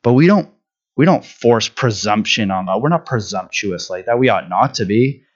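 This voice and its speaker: A man's voice: lowish voice, lively intonation, moderate pace, muffled recording. A man preaching a sermon in a conversational way, often checking in with "right?" and restarting his words.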